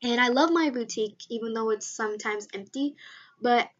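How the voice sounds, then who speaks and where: A woman's voice: a little high, moderate pace, lo-fi sound. Chatty teenage girl vlogging. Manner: rambling, chatty, many fillers. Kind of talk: casual chat vlog.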